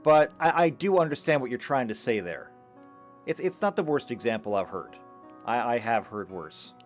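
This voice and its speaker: A man with a mid-range voice speaks at a moderate pace over faint background music. Giving a live lecture in which he reads chat comments, he talks in an animated, emphatic way and occasionally stammers and restarts.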